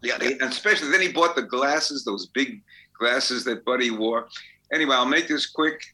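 Laughing while he talks, an octogenarian songwriter shares anecdotes as an interview guest in a chatty storytelling style. The recording is rough, and his mid-range voice has a bright, forceful edge at a moderate pace.

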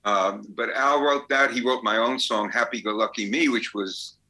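An older songwriter telling rambling anecdotes in a casual interview. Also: male voice, medium pitch, moderate pace, sharp tone, low-quality recording. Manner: rambling anecdotes with fillers and restarts. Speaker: songwriter guest.

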